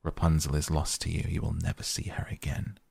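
A venomous old enchantress from a storybook, scornful and sharp-tongued, as a man reads her lines. The voice is very low and husky with a gravelly edge, recorded dry and close. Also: monotone, fairly quick, no echo, full character voice. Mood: mocking.

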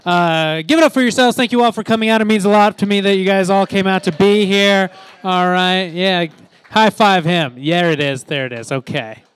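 A man hosting a comedy show, loudly hyping the crowd between acts. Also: sits high, moderate pace, few pauses, smooth. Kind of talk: emcee introduction.

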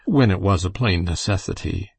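A man's voice: deep voice, moderate pace, vocal fry, slightly rough, no echo, heavily acted. A man voicing an earnest, grieving young backwoods lad with a plain, simple rural turn of phrase.

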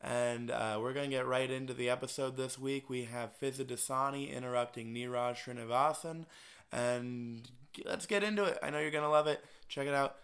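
A man's voice: medium pitch, fairly even intonation, brisk, a bit bright. A man hosting a podcast, giving a friendly, casual introduction to the episode. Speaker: podcast host.

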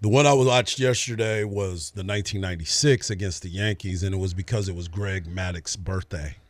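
A man co-hosting a sports radio show in casual chat, laid-back and agreeable, often answering with a quick "right.". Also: low voice, no echo.

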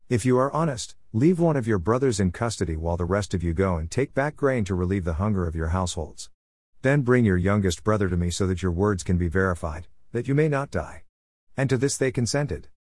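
A man reading scripture aloud in a steady, measured way, lifting his voice a little for quoted speech. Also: on the low side, no room sound, clean studio sound. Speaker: Bible reader.

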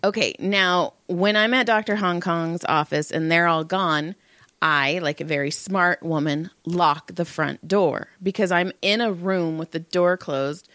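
Profane animated woman telling stories. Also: lowish voice, a little slow, no room sound. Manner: profane, animated storyteller who acts out quotes. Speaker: massage therapist and podcast co-host. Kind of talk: casual storytelling chat.

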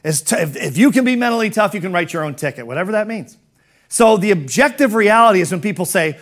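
A man's voice: sits high, expressive, fast talker. A middle-aged man giving a motivational business talk as a coach, firing rhetorical questions in an emphatic, conversational way.

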